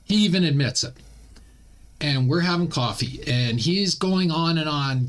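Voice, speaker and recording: A man's voice: fairly high pitch, sing-song, unhurried. A Canadian man hosting a casual opinion commentary, blunt and ranting. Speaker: commentary channel host.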